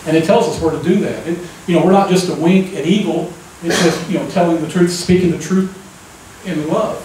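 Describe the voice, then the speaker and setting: Guy preaching, kinda high voice, chatty, keeps asking amen, big echo from far off in a church. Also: fairly even intonation, fairly quick, darkish tone, a little hiss or hum. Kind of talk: conversational sermon. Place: church sanctuary. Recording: echoey church room, mic at a distance.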